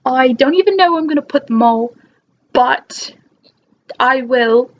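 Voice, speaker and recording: High-voiced woman faking a British accent. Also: lively intonation, unhurried, highs cut off, a little hiss or hum. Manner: talking in an imitated British accent; chatty and enthusiastic, with frequent restarts. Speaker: book vlogger. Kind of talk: casual vlog chat.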